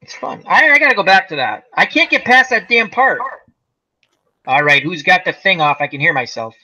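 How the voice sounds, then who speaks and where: A man in his forties hosting a relaxed online chat, his voice bright and cutting. He tells stories with lots of swing in his pitch and acts out the voices of the people in them. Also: moderate pace, poor audio. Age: 40s. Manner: animated storyteller acting out voices. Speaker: host. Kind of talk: casual chat.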